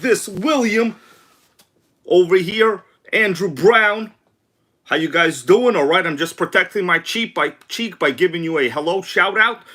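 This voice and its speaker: A man hosting an RC livestream, energetic and joking as he gives shout-outs to viewers. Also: high-pitched. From from abroad. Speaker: RC livestream host. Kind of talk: excited casual livestream chat.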